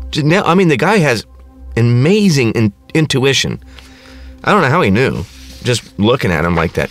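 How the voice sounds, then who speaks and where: A middle-aged man hosts his own podcast, delivering a casual comedic rant that's crass, sarcastic, and rambling. His voice is medium-pitched with big pitch swings and a moderate pace, and faint music plays behind him.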